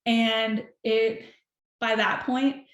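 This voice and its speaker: A young woman telling a personal story as a podcast guest, animated and chatty, full of "like". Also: a little high, drawn-out words. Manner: animated, chatty, heavy use of "like". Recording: roomy echo.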